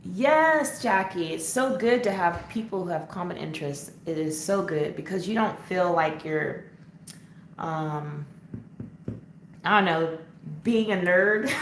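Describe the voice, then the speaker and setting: A woman hosting a casual live coloring chat, answering viewer comments as she works and laughing often. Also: on the low side. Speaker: coloring channel host. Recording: echoey room, faint background noise.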